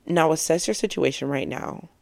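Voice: mid-range voice, moderate pace, vocal fry, no room sound. A speaker in their twenties giving a casual, encouraging monologue as a vlogger, earnest and reflective, often laughing at their own points. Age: 20s.

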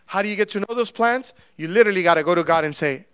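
A man preaching a sermon in a conversational way, with sudden swings between loud and soft. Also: high-pitched, rapid-fire, few pauses, clean tone, dry recording. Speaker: pastor.

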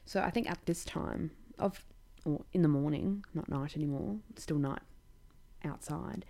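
Young Australian woman hosting a podcast; low, mellow voice, blunt sweary storyteller who laughs mid-sentence. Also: unhurried, creaky. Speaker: podcast host. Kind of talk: casual comedic storytelling.

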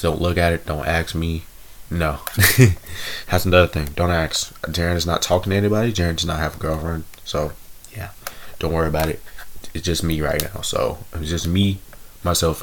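A young man with a very low voice talks through his solo podcast in a loose, rambling way. He corrects himself as he goes and chuckles at his own slips. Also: a little hiss or hum. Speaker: podcast host. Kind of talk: casual solo podcast chat.

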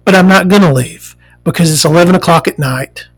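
A woman hosting a casual talk show, ranting in a profane, animated, rambling way. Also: on the low side, fairly quick, husky, soft background music.

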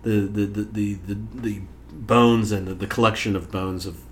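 A man's voice: lowish voice, steady tone, normal speed. An older man hosting a casual talk show, joking and rambling with lots of fillers and restarts. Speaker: radio show host. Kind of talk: casual comic chat. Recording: faint background noise.

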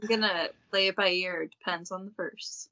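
A woman's voice: fairly low pitch, steady tone, brisk, pushed and bright. A woman co-hosting a casual podcast, asking pointed questions and laughing easily. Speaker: podcast co-host. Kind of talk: casual chat. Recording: dry muffled lo-fi recording.

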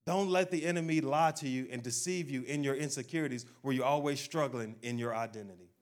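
A man preaching a sermon, speaking directly to his congregation and acting out people's doubts in a low, quiet voice. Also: a little fast. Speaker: pastor.

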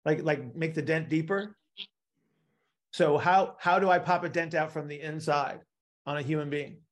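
A man's voice: fairly high pitch, moderate pace. A man teaching a live class, explaining with analogies and often checking in with "right?". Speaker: instructor.

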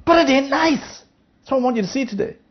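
A woman Bible teacher with a high voice and lively intonation speaks fairly quickly in a conversational sermon, heard through a muffled recording. She reads scripture out loud, explains it, and keeps checking in with a "Yeah?"

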